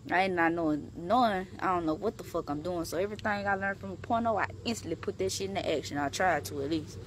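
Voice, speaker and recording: A young woman telling a story in a casual vlog, animated and profane, leaping up in pitch for emphasis. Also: fast talker, slight background noise. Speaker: vlogger.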